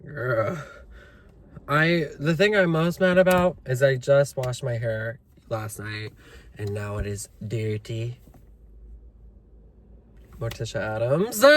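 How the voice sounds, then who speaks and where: A man's voice: mid-range voice, slow pace, long pauses. Chatty young man vlogging on a phone. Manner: chatty, excitable, self-deprecating, addresses viewers as "girl". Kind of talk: casual vlog chat to camera. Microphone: phone held while talking.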